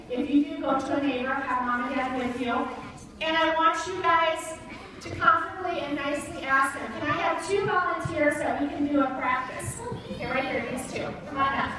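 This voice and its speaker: A woman giving an upbeat, coaxing motivational talk to schoolchildren at an assembly. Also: sits high. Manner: upbeat, coaxing, addresses kids directly. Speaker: youth market director at a school assembly. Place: large echoey school gym. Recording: echoey hall, distant mic, crowd noise.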